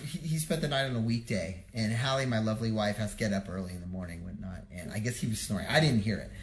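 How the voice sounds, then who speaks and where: A man's voice: on the low side, fast talker. A man hosting a casual live talk show and trading dry, teasing jokes. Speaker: podcast host. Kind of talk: casual chat. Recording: roomy echo.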